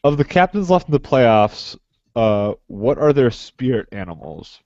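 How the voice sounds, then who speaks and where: Lively playful man, dry muffled sound. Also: medium pitch, unhurried. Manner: playful, teasing. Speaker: podcast co-host. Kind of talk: casual chat.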